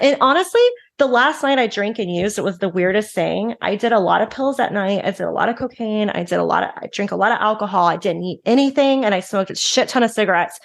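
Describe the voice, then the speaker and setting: A woman's voice: medium pitch, gravelly. Frank woman telling her recovery story. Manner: frank, emotional, fast bursts with restarts. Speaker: guest, recovery advocate. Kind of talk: candid personal storytelling.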